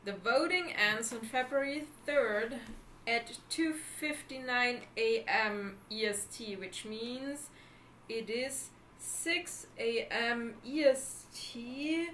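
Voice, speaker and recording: A woman's voice: on the high side, takes it slowly, fairly bright tone. A woman from Germany with a German accent, co-hosting a casual livestream chat and often searching for words. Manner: chatty, restarts sentences, searches for words. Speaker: livestream co-host. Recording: echoey room with faint background noise.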